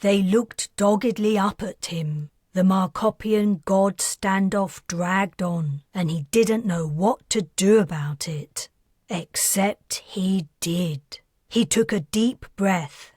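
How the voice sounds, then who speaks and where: A woman reading her own science fiction novel aloud in steady, measured scripted narration, close to the mic. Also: mid-range voice, husky, dry recording.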